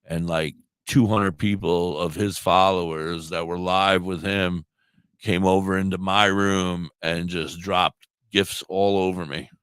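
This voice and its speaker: A man's voice: low voice, flat delivery, unhurried, fairly bright tone, clear, resonant tone, dry recording. A middle-aged man with a sore throat, co-hosting a podcast and telling a long, rambling story with plenty of swearing and self-deprecation. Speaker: podcast co-host. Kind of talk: casual storytelling chat.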